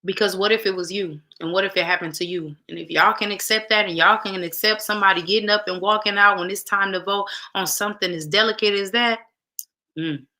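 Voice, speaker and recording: Addressing her viewers directly, a casual talk show host makes her points with emphasis and repeats phrases to drive them home. She speaks briskly in a mid-range, sharp voice with a steady tone.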